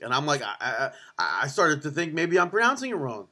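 A man co-hosting a podcast in casual chat, telling travel stories and acting out street vendors in quick voices. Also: fairly high pitch. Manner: animated storyteller, acts out vendors in quick put-on voices. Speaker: podcast co-host. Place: on the road in Cancun.

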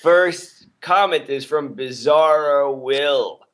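A man's voice: fairly high pitch, slow pace, a bit bright. A man co-hosting a podcast in casual chat, laid-back and easygoing, reading out listener comments. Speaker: podcast co-host.

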